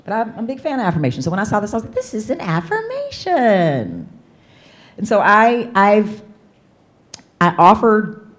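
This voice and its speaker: Low-voiced woman coach, energetic keynote speaker, call-and-response with audience. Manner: lively, leads call-and-response chants with audience. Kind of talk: motivational keynote speech. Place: conference hall stage.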